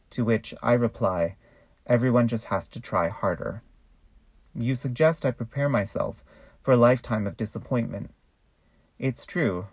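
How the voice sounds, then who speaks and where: Brief: man, mid-pitched, theatrical spoken-word monologue, measured and ironic, close dry sound. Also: no room sound. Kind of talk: performed poetic monologue.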